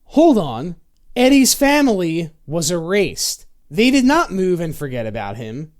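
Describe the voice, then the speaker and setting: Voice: mid-range voice, very animated, unhurried. A video reviewer narrating a sarcastic, profane comedy review of an old TV show, sounding exasperated. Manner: sarcastic, exasperated, swears often.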